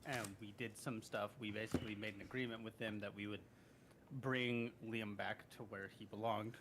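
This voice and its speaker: A man's voice: lowish voice, fairly even intonation, normal speed, background noise. A man playing a tabletop game, a little drunk and slurring, rambling through recaps and correcting himself. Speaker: player. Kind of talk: casual tabletop game chat.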